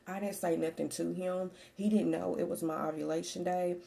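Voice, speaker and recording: A woman in her forties speaks candidly and in a chatty way to her vlog audience, looping back over her points. Her voice sits low and has a gravelly edge. The tone is dark and mellow. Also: fairly even intonation, moderate pace. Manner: candid, chatty, repeats herself. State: slightly out of breath. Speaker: vlogger. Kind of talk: casual personal vlog.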